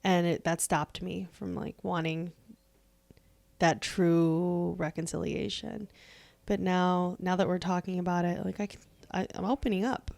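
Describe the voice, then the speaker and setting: A woman's voice: on the low side, little pitch movement, a little slow, gravelly, a little mellow. Woman, podcast co-host, casual chat, laughing storyteller. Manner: chatty storytelling, laughs often.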